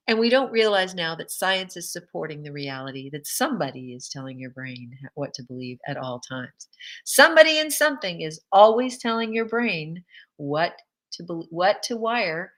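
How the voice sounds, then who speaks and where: A woman with a bright, forward voice giving an upbeat faith-based pep talk. She speaks emphatically, laughs often and acts out small scenes of everyday conversations. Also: lowish voice, normal speed, rough recording. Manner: animated and emphatic, laughing often, acting out quotes. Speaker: host of a faith-based encouragement show.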